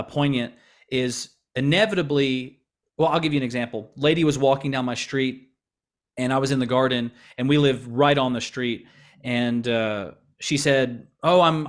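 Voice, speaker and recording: An American man, a pastor and missionary, answering interview questions in an earnest, conversational way with frequent restarts and repeated words. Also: mid-range voice. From United States.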